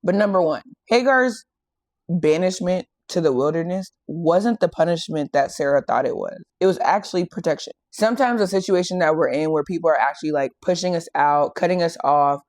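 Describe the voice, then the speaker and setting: Animated woman retelling a Bible story. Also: on the low side, a little fast, no echo, clean studio sound. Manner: animated storytelling, acting out quoted lines. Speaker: faith and fitness host. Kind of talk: casual Bible teaching.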